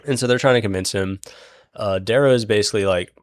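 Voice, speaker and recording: A man's voice: fairly low pitch, fast, no echo. A young man retelling a book's plot in a rambling, profane, casual way, full of fillers. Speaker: book recap host.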